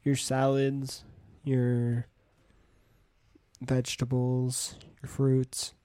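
Mellow man, dry close sound. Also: medium pitch, monotone, very slow, smooth, no echo. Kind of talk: casual chat.

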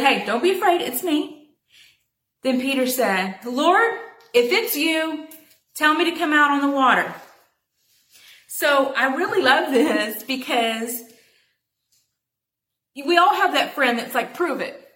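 A woman teaching a Bible passage in a chatty, animated way, calling her listeners y'all. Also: on the high side, echoey room.

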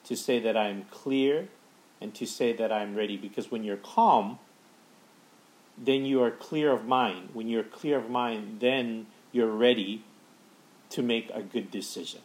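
A man, a father, giving a calm breathing practice tip as a podcast guest, speaking slowly with many fillers. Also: on the low side, rough recording. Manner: slow, calm, halting with fillers.

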